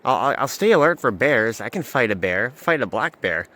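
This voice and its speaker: A young man records himself outdoors on a mountain trail with a handheld camera. He is out of breath and talks in an excited, chatty way. He often repeats words, and his voice sits in a middle pitch. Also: normal speed. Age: young adult. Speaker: vlogger. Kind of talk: casual hiking vlog.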